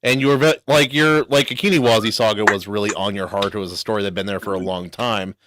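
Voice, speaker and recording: A man's voice: fairly low pitch, steady tone, fast talker, background noise. A man from Hawaii hosting a casual interview, laid-back and slangy, calling his guest dude and man. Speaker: host.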